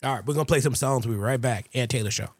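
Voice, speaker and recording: A man's voice: medium pitch, no echo. A man hosting a radio show, plugging his name in a laid-back drawl. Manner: laid-back, spells things out slowly. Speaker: radio host.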